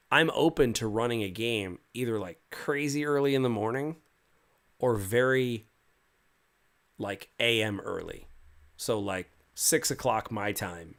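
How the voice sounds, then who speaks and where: A man with a fairly low voice chats casually on a livestream as a game master. He reads out viewer comments and answers each one in a loose, rambling way, full of restarts and little fillers. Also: a bit bright. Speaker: game master and stream host.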